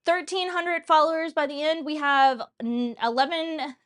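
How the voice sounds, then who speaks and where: This woman's voice is high-pitched and a bit bright, her intonation fairly even and her speed normal. As a cooking show streamer in her thirties, she rambles in casual livestream chat and laughs often.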